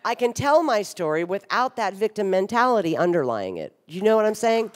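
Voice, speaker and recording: A woman in her fifties speaks from a hotel ballroom stage, her mid-pitched voice carrying a long hall reverb. She talks frankly and with wry humor and drops the odd blunt curse. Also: big pitch swings, brisk, slight background noise. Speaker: speaker at a recovery conference. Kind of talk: candid personal talk on stage.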